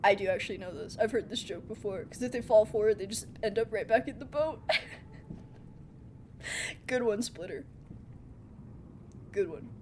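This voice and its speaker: A young woman streaming a game live, excitable and chatty, often laughing and reacting to viewers. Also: medium pitch, normal speed, long pauses, a little hiss or hum. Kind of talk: live gameplay commentary.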